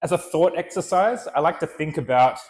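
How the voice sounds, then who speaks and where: A man from Australia, telling personal stories to an audience in a relaxed, chatty way with many fillers. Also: on the high side, brisk. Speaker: speaker and vlogger. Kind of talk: storytelling talk to an audience.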